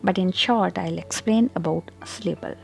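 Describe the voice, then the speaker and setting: A woman teaching English pronunciation in an online tutorial, explaining carefully and deliberately, and pronouncing example words with clear stress. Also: lowish voice, faint music behind.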